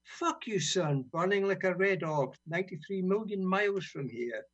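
A man from Britain reading his own poems on community radio, relaxed and wry between blunt, sweary verses. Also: sits high, moderate pace. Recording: dull lo-fi radio sound.

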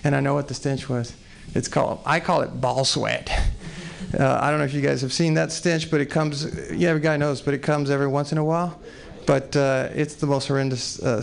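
A man's voice: mid-range voice, fairly even intonation, brisk, gravelly. A man in his forties from Texas doing rambling, profane, self-deprecating stand-up at an open mic in a small comedy venue. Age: 40s.

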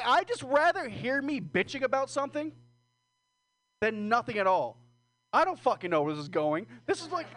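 A man's voice: very high-pitched, sing-song, moderate pace, fairly bright tone. A man doing a rambling, profane, self-deprecating stand-up set at an open mic. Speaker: stand-up comedian. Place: small comedy room with audience.

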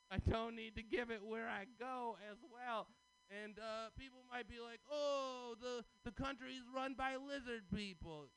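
A man performing stand-up at an open mic, talking fast and working the crowd. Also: sits high, a bit bright, smooth, poor audio. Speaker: stand-up comedian.

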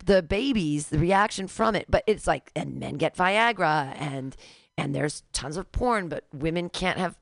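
A woman in her forties co-hosting a casual radio talk show, sardonic and quick to leap into high mocking tones. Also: expressive, creaky, no echo, studio quality. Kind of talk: casual chat.

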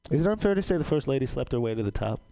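Man doing deadpan stand-up comedy. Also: rapid-fire. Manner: deadpan one-liners with sudden loud high outbursts.

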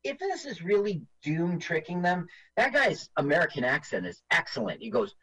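A man's voice: a little high, moderate pace, slightly rough, rough recording. A man co-hosting a podcast, chatting casually and jokingly while watching a movie together. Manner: animated, jokey, mimics lines in silly voices. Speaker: podcast co-host.

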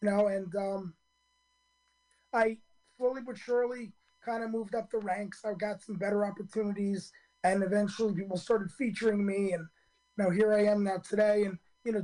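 A hoarse man in his fifties, a stand-up comedian telling his story in a radio interview, earnest and full of ums and restarts. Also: high voice, a little mellow, low-quality recording.

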